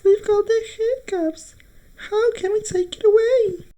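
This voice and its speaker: A woman voicing a squeaky, panicky cartoon character with high, fretful exclamations. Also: measured pace, warm tone, a little hiss or hum.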